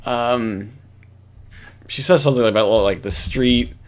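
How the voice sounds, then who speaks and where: Male reaction commentator, loose and rambling, curses freely, mid-pitched voice. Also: a little slow. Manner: rambling, swearing, laughing often, many fillers.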